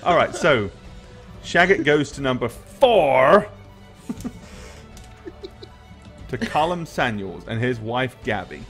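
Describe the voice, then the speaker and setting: A man running a tabletop role-playing game, narrating scenes between playful self-mocking asides. His pitch moves a lot, and faint music sits behind him. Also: very animated, takes it slowly, long pauses, a bit bright, husky. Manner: laughing, self-deprecating banter. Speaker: game master.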